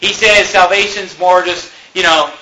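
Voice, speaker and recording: A male preacher with a high, bright, forceful voice delivers a fiery sermon. He climbs into shouts, then drops low and chatty to tell a story. A faint hiss sits under the recording. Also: fairly even intonation, moderate pace, poor audio. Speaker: pastor.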